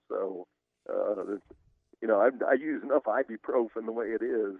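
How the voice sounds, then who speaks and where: A man's voice: mid-range voice, dry recording. Man in his fifties, radio guest, joking, self-deprecating, dull lo-fi sound, dry. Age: 50s. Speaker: guest, team mascot. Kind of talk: radio interview.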